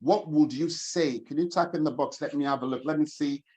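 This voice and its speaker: A man's voice: fairly high pitch, brisk, a little mellow. A man, a financial coach hosting an online webinar over a video call, chatty and upbeat, greeting attendees by name.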